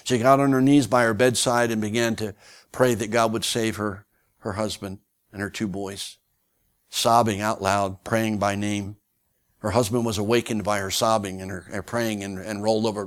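A man's voice: lowish voice, normal speed. Folksy male preacher telling a story. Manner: folksy and animated, with many fillers. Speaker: guest preacher. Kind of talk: sermon storytelling.

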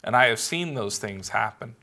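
A man preaching a sermon as pastor, earnest and measured, leaning on emphatic pauses. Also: fairly low pitch, animated, gravelly, bright, forceful tone, a little hiss or hum.

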